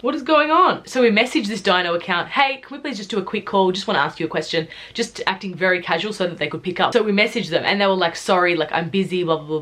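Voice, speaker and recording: A young woman from Australia in a casual storytime vlog, retelling events in a chatty, animated way full of filler words. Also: on the low side. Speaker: YouTuber telling a story.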